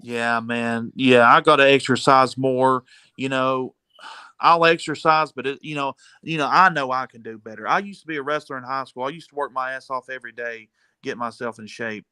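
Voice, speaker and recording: A man's voice: medium pitch, fairly even intonation, moderate pace, sharp tone, smooth, dry recording. A man venting in an agitated, profane rant, calling people "dude". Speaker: caller venting on a panel show. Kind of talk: emotional rant, casual talk.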